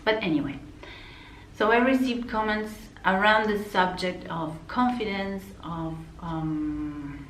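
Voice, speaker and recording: A woman's voice: mid-range voice, slow pace, reverberant, a little hiss or hum, rough recording. A woman from Argentina with an Argentine Spanish accent, a counselor talking casually to the camera, chatty, often laughing and making apologetic asides. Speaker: counselor and vlogger. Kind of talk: casual to-camera vlog talk. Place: indoor room, not her usual spot.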